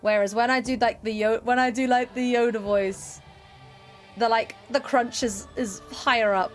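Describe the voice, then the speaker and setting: A young woman talks casually to her stream audience as she plays. Her voice sits a little high and stays playful, and she laughs and hums sound effects along the way. Faint music plays underneath. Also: moderate pace. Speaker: game streamer. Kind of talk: casual live-stream chat.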